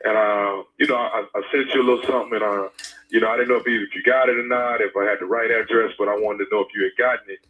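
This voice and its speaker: A man's voice: lowish voice, fairly even intonation, racing. A man making a prank phone call, talking in a hesitant, stammering, coaxing way. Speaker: radio prank caller. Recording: tinny phone-line sound.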